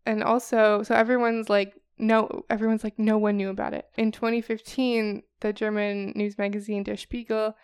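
A woman's voice: mid-range voice, level tone, normal speed, hardly any pauses, smooth, no room sound, studio quality. A woman co-hosting a podcast, telling a story in casual chat, chatty and laughing often as she acts out quotes. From Chicago. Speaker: podcast co-host.

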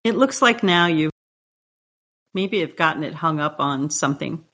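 A woman running a tabletop horror game as game master, narrating scenes in calm, descriptive second person. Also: low voice, moderate pace.

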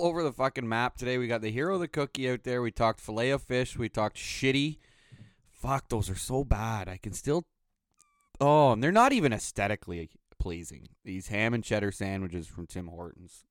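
A man's voice: mid-range voice, clean tone, no echo. A man hosting his own podcast, ranting with sarcasm and lots of swearing. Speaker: podcast host. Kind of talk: solo podcast rant.

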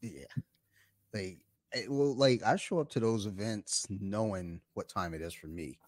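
A man's voice: lowish voice, unhurried, dry recording. A man hosting a podcast, telling stories in a rambling, laid-back way with lots of fillers. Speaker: podcast host. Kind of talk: casual chat. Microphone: home podcast mic.

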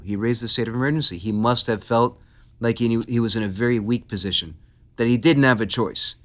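Bright-voiced man telling history casually. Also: mid-range voice. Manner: animated, laughs easily, playful asides. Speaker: podcast host. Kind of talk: casual history podcast storytelling.

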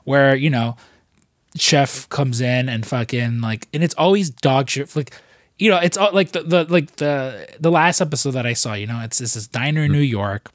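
A young man tells loose, profane stories on a podcast, breaking into quick imitations of other people. His voice sits at an ordinary middle pitch, and the sound is close and dry with no room echo. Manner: rambling, profane, jokey storytelling with put-on quotes. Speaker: podcast co-host. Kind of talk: casual podcast chat.

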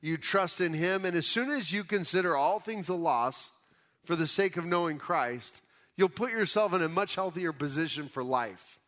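A pastor preaching a conversational sermon, explaining scripture casually in everyday words. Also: male voice, a little high, expressive, moderate pace, a bit bright. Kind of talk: conversational Bible teaching sermon.

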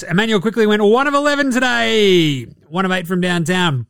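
A man's voice: sits high, animated, normal speed, hardly any pauses, a bit bright, clean tone, no room sound. An Australian man hosting a podcast, giving a sarcastic, profane basketball recap. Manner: sarcastic, swears freely. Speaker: podcast host.

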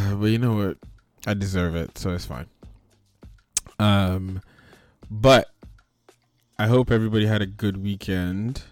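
A man hosting a casual online chat show on a video call, lively and joking, laughing often and trailing off into fillers. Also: lowish voice, a little slow, long pauses, dry recording, faint music behind. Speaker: podcast host.

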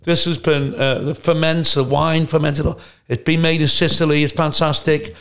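A man voicing a formal cheese shop manager who speaks in measured, polite salesman patter. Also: a little high, level tone, a bit bright, clean tone.

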